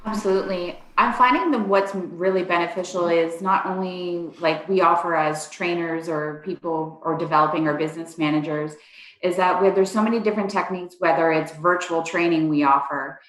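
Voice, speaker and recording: A woman's voice: fairly low pitch, brisk. A woman in her forties, a district manager and trainer, talking casually in a rambling way with many fillers. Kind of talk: casual interview chat. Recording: echoey room.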